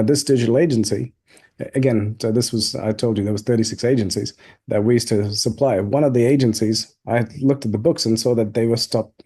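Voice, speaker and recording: A man being interviewed as a guest entrepreneur, telling stories in an animated way and acting out both sides of past conversations. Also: mid-range voice, husky. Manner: animated storyteller, acts out both sides of dialogues. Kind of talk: storytelling in an interview.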